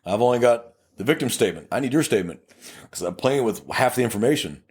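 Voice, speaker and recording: A man's voice: medium pitch, fast talker, slightly rough. A male police investigator co-hosting a casual podcast, telling blunt, plainspoken stories about his work and acting out the exchanges. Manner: animated storyteller who acts out quoted exchanges; blunt and plainspoken, with occasional cursing.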